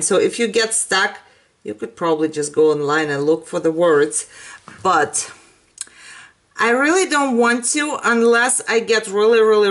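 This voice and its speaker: A woman whose first language is not English talks through a craft tutorial at an unhurried pace. She chats casually and laughs often as she works. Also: medium pitch, a bit bright. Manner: chatty and self-deprecating, laughs often. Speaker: craft channel host.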